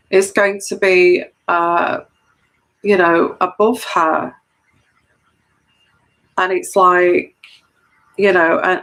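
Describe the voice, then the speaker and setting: A woman's voice: medium pitch, a bit bright, low-quality recording. A woman who reads tarot, talking earnestly to camera and explaining her point, often repeating phrases for emphasis. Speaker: intuitive tarot reader. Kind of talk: solo camera monologue of personal commentary.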